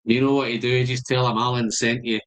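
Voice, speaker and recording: A man's voice: mid-range voice, flat delivery, brisk, fairly bright tone. A Scottish man hosting a live stream, chatting casually and greeting viewers by name. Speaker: whisky channel host.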